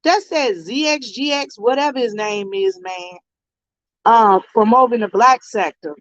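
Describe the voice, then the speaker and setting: A woman telling an animated story on a live stream and greeting her chat viewers as she goes. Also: fairly high pitch, measured pace, dry recording, highs cut off. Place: convenience store.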